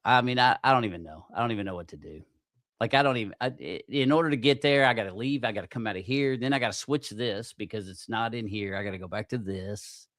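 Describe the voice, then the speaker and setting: Cursing, easily riled podcast host. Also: male voice, on the low side, fast talker, fairly bright tone, no room sound, studio quality. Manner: profane, easily aggravated, self-mocking. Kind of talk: casual livestream chat.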